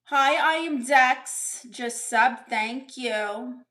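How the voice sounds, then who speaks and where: A woman's voice: high-pitched, drawn-out words, bright, forceful tone, full character voice. A woman playing a sassy, doting middle-aged aunt on a comedy livestream, greeting viewers and reading chat aloud with big swoops in her voice. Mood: chatty. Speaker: livestream host in character. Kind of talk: live-chat comedy stream. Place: bedroom.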